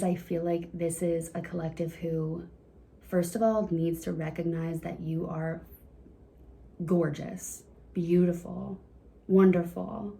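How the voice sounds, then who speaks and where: A woman talks straight to her viewers through a casual card reading, chatty and encouraging, often breaking into laughter. Her voice sits low for a woman and has a warm, mellow tone. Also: vocal fry. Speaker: tarot reader.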